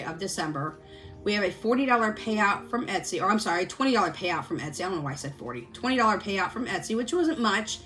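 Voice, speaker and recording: A woman's voice: medium pitch, fairly bright tone. A woman chatting casually to camera about her budget from her home desk, rambling and correcting herself as she goes. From Missouri. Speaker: budgeting vlogger.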